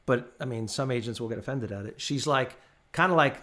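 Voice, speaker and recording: A real estate trainer with a mid-range voice speaks briskly while running a casual live training class over a video call. He tells stories in an animated way, acting out the people in them by doing his clients' voices.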